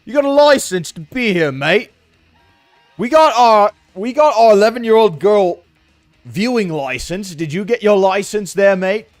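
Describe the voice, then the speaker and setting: A rowdy young gang grunt in a mock-British accent , put on by a man, jeers and shouts, his voice pitched up high. His taunts swoop and bounce all over the place, broad and over the top. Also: animated, no room sound, faint music behind. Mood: jeering. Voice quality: loud, jeering, drawn-out shouting.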